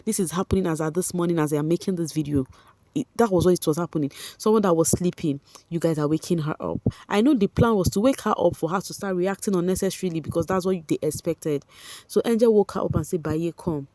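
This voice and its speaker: A woman with a Nigerian accent recapping reality-show events for her viewers in a chatty, animated way, often turning to address them directly. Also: on the low side, fast talker, dry recording. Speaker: vlogger.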